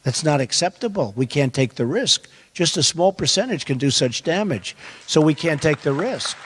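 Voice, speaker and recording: A man's voice: on the high side, lively intonation, normal speed, a bit bright, some chatter behind, slight background noise. Older male candidate, emphatic and repetitive, long hall reverb, audience faintly heard. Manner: repetitive, emphatic, rambling asides. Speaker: political candidate. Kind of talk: campaign forum answer.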